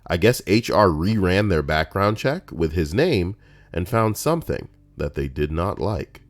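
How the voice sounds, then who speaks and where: Deep-voiced man ranting on a stream. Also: unhurried. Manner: rambling, profane, animated. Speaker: streamer reading Reddit posts. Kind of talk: casual livestream commentary.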